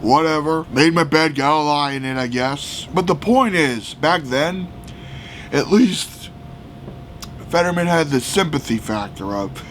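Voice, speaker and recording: A man from the United States ranting heatedly about politics, profane and often shouting. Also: on the high side, lively intonation, unhurried, a little hiss or hum. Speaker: political vlogger.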